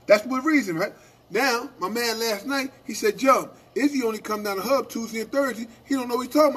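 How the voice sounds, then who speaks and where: Husky high-voiced man telling union stories. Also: quick pace. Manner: animated storytelling, acting out quoted exchanges, repeated "right?". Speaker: union radio show co-host. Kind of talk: casual union talk radio.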